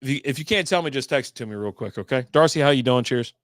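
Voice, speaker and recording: Homem falante e desbocado em conversa seca. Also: male voice, medium pitch, lively intonation, quick pace, no room sound, clean studio sound. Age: middle-aged. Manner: rambling, profane, chatty. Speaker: beer podcast host. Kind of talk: casual livestream chat.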